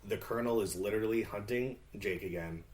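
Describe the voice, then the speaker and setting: A man co-hosting a casual movie podcast, with a slightly low voice. He talks in a laid-back, slangy way and jokes about the film's flaws. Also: fairly quick, a little mellow. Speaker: podcast co-host. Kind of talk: casual movie review chat.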